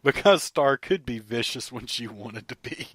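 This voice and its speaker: Man, podcast co-host, casual chat, animated storyteller, laughs often, mid pitch, dry close sound. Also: moderate pace, husky, no room sound.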